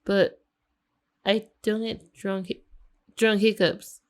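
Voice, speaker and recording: A tipsy woman co-hosting a casual podcast, chatting and joking while drinking. She has the hiccups. Her voice sits at an ordinary middle pitch. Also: level tone, slow pace. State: drunk with hiccups. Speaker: podcast co-host.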